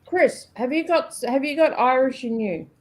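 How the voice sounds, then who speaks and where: A woman's voice: high voice, animated, moderate pace, a little mellow. A woman co-hosting a livestream, chatting in a curious, easygoing way. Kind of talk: casual chat on a livestream.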